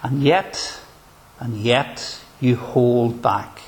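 Slow, earnest male preacher. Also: mid-range voice. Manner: measured, earnest, with probing rhetorical questions. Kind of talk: sermon.

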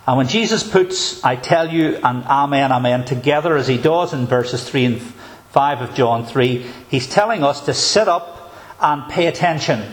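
A man, a pastor, preaching a sermon in an emphatic, measured way with deliberate pauses. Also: medium pitch.

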